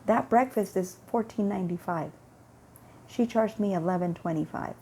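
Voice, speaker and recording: A woman's voice: mid-range voice, normal speed, dark tone, slight background noise. A woman vlogger telling a rambling everyday story about her faith, acting out both sides of a conversation and often repeating words.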